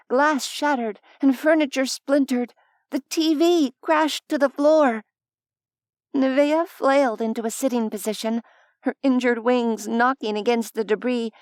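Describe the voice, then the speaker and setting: Woman audiobook narrator, slow and expressive, fairly high voice, very dry close mic. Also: dry recording. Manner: measured, expressive storytelling.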